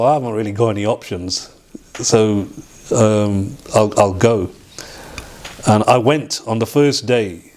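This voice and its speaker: A middle-aged man with a somewhat low voice tells a personal story as an interview guest. He speaks haltingly, restarting phrases and acting out the things people said to him. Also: darkish tone. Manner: halting, with restarts and acted-out quoted dialogue.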